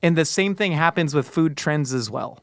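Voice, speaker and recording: A man in his thirties co-hosting a podcast, chatting casually and ranting his opinions in an animated, rambling way. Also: a little high, normal speed, no echo, studio quality. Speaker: podcast co-host. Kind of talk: casual chat.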